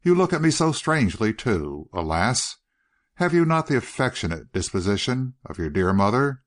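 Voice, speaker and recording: A man's voice: fairly low pitch, sing-song, normal speed. A man voicing an elderly uncle who speaks in a purring, falsely tender way that hides menace.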